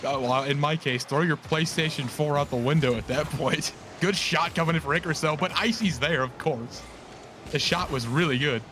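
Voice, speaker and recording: A man casting a live esports match, hyped and fast, repeating words in his excitement, his voice worn from yelling. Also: on the high side, noisy background. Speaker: esports co-caster. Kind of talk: live esports play-by-play commentary.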